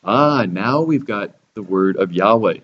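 A man's voice: fairly low pitch, expressive, a little slow, a bit bright, dull audio. A man teaching a Bible lesson sermon-style, sarcastic and theatrical, raising his voice for the quoted lines.

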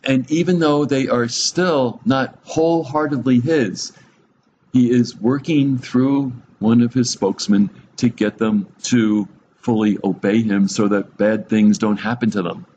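A man's voice: mid-range voice, fairly even intonation, measured pace, a little mellow, dull audio, a little hiss or hum. A man giving a conversational Bible teaching, chuckling often, adding humorous asides and asking his listeners direct questions.

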